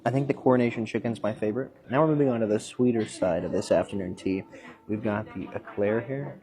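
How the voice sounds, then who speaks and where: American man, lowish voice, measured, food review narration. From United States. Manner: calm, measured tasting commentary.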